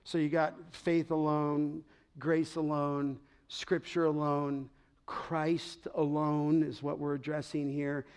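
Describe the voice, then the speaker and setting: A middle-aged man preaching a sermon as pastor, emphatic, pausing to ask the congregation to fill in words. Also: a little high, level tone, a little mellow, smooth.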